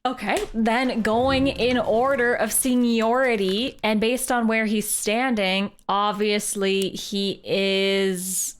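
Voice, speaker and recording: A woman's voice: mid-range voice, little pitch movement, slow, hardly any pauses, a little hiss or hum. A young woman from Canada, a streamer thinking aloud playfully while playing a game live and chatting with viewers. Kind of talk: live gameplay commentary.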